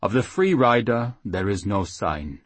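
A man voicing a small, solemn male halfling high priest who speaks formally and slowly. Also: big pitch swings, no room sound. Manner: formal, grave, slow.

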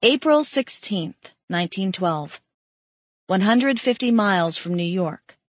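A woman reads a historical tale aloud in a steady narrating voice of middling pitch. The recording is dry and close, with no room sound. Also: measured pace, no echo. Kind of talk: reading a historical story aloud.

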